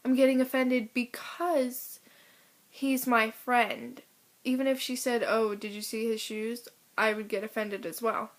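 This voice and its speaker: A woman's voice: on the high side, little pitch movement, unhurried. A teenage girl ranting to camera, telling a story in an exasperated, indignant way. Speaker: vlogger.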